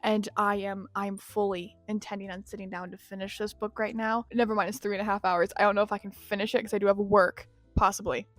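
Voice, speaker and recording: A young woman in a casual reading vlog, chatting with a gushing, filler-heavy manner about the book she is reading. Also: mid-range voice. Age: young adult. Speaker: book vlogger.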